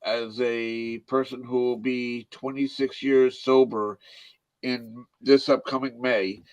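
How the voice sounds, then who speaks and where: A man in casual podcast chat, speaking haltingly with repeated words as he recalls past drinking. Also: medium pitch, little pitch movement, highs cut off.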